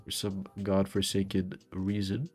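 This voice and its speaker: Young man, gaming streamer, low voice, slow drawl, swearing, faint music behind. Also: monotone, a little mellow. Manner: swearing, ranting in frustration. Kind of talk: casual gaming stream chat. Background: faint background music.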